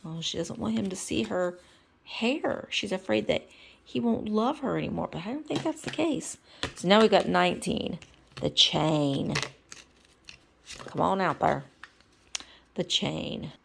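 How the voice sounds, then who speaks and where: A woman vlogger reading a storybook aloud in a casual way. Her voice is gravelly and lively in pitch. She breaks off for chatty asides between passages. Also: measured pace, long pauses, a little hiss or hum.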